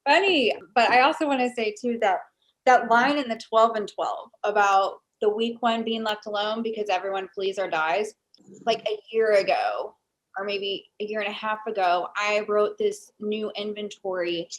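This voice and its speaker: A woman hosting a recovery interview, speaking warmly and affirming her guest in a conversational way. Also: medium pitch, moderate pace, poor audio. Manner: warm, affirming, animated. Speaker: podcast host.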